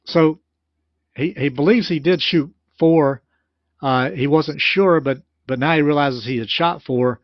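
Man, slightly high voice, plain explanatory commentator retelling a story, restarts often; dry, lo-fi recording. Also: unhurried, no echo.

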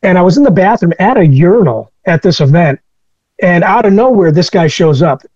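A man with a notably high voice recounts personal stories as an interview guest. He talks in a candid, reflective way. The recording is dull, lo-fi and dry. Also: animated, brisk, a little mellow, dry recording.

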